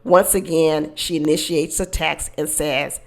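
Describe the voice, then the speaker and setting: A woman hosting casual reality-show commentary, animated, acting out quotes and laughing often. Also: deep voice, a little slow. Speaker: commentary channel host.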